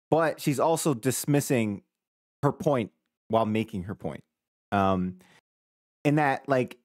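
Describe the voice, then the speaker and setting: A man in his thirties talks through his reaction on a live stream, chatty and loose, circling back with plenty of "like"s. His voice sits at an ordinary middle pitch. The sound is dry and close. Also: no room sound. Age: 30s. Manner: conversational, thinking aloud with many "like"s. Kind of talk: casual reaction commentary.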